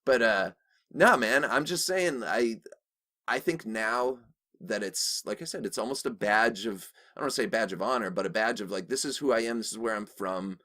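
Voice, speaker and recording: A man's voice: fairly low pitch, normal speed, bright, forceful tone. A man with a Boston-area accent, co-hosting a podcast in a laid-back, chatty way with some swearing. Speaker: podcast co-host. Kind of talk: casual chat.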